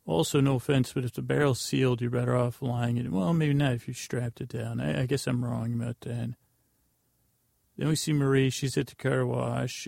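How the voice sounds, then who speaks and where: A man's voice: medium pitch, creaky, darkish tone, no room sound, clean studio sound. A man hosting a podcast, recapping a TV episode in a rambling, offhand way and correcting himself as he goes. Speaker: podcast host.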